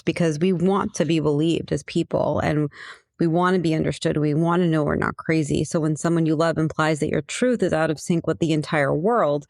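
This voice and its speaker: A woman's voice: low voice, creaky, darkish tone, no echo, studio quality. A woman talking as an emotional abuse coach, telling a personal story in an earnest, reflective way and repeating her key phrases.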